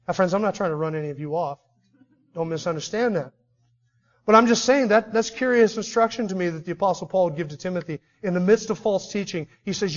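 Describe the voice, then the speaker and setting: High-voiced impassioned preacher, lo-fi. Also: male voice, fast talker. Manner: impassioned, swings from loud declarations to quiet intensity. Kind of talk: sermon. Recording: dull lo-fi recording.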